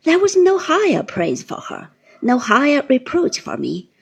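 A woman narrating a classic novel in the first person in a slow, hushed, whispery reading. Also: high voice, huge pitch swings, gravelly.

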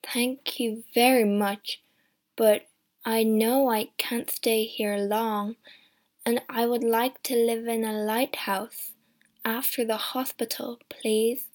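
A woman voicing a gentle, shy, deformed young man who speaks in a strange, slow voice. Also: a little high. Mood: gentle, resigned.

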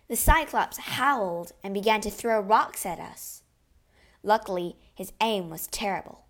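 A woman narrating a storybook adventure in the first person, measured and expressive. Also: medium pitch.

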